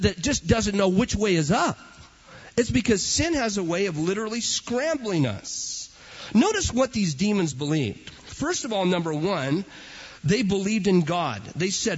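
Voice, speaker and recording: Husky, animated male preacher. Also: high-pitched. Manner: emphatic, repetitive preaching. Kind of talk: sermon. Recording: dull lo-fi recording.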